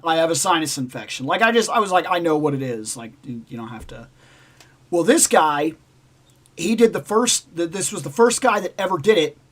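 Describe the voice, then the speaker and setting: Guy hosting a live stream, kinda high voice, rambly storytelling, repeats himself a lot. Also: a bit bright. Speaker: livestream host. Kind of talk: casual storytelling chat.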